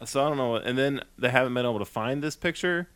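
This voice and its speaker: A man's voice: mid-range voice, quick pace, clean tone. A man co-hosting a podcast, chatting casually in a rambling, jokey way. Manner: rambling, jokey, puts on silly voices. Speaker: podcast co-host. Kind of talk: casual comedic podcast chat.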